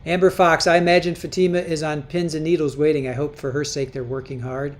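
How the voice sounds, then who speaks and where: Low-pitched and brisk, with little movement in pitch, this woman hosts a casual livestream. Chatting as she reads viewer comments aloud, she keeps repeating and restarting her words.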